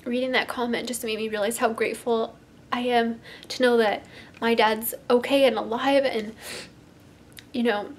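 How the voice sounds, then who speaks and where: A young woman talking to her subscribers in a vlog, crying and sniffling, halting and restarting with lots of "like". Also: a little high, steady tone. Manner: tearful, heavy use of "like", halting restarts. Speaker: YouTuber.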